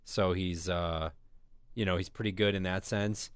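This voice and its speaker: A man co-hosting an entertainment podcast in casual chat, with a chatty, animated way of talking. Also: low voice, measured pace, clean tone, no room sound, studio quality. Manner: animated, chatty, mimics people with exaggerated voices. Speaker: podcast co-host.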